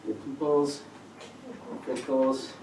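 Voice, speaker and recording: A man performing a comedy magic act on a theatre stage, teasing and bantering with the audience in a playful, excitable way. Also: mid-range voice, takes it slowly, a little hiss or hum. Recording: roomy echo from far off.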